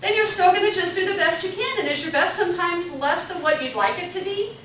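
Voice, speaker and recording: Brief: high, bright woman teaching a class. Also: lively intonation, fairly quick, slight background noise. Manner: upbeat, asks the group questions, repeats their answers. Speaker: parenting class instructor. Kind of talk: interactive classroom lecture. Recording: echoey room from a distant mic.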